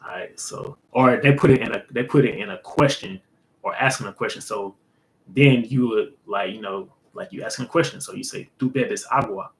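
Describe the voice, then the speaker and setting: A man hosting a casual language lesson, explaining in a loose, rambling way full of fillers and an occasional "boom" to wrap up a point. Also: normal speed, fairly bright tone, rough recording. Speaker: host.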